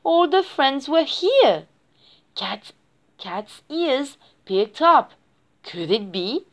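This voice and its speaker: A woman's voice: high voice, sing-song, extremely slow, lo-fi sound. A woman reading a children's picture book aloud in a sing-song storytelling way. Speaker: reader.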